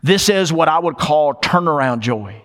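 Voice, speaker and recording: A man preaching a sermon in a church, conversational, slowing down for emphasis and dropping in playful asides. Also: fairly high pitch, expressive, a bit bright, big-room sound. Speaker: pastor. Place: church sanctuary.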